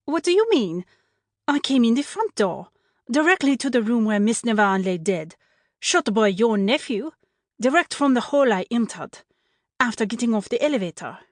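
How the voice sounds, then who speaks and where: A woman's voice: lively intonation, normal speed, no echo, clean studio sound, natural voice. A woman voicing an indignant maid who is hiding a false identity, in a play reading. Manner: shrill, indignant protests. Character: cornered female maid posing as French, defiant. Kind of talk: amateur audiobook play reading.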